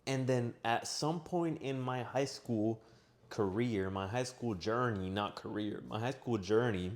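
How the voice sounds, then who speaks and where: Young male vlogger, casual storytelling, animated delivery. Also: medium pitch, a little slow. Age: young adult. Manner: animated, acts out his own shouting in quoted lines. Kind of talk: personal storytelling. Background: washing machine running.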